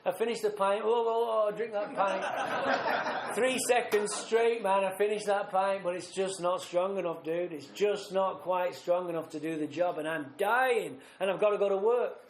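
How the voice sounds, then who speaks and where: A man speaking at a recovery retreat, telling his own story bluntly and vividly, acting out scenes with rough language. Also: high voice, steady tone, moderate pace, few pauses, a little mellow, a little hiss or hum. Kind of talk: personal recovery story told live. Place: retreat meeting room. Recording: roomy live talk recording.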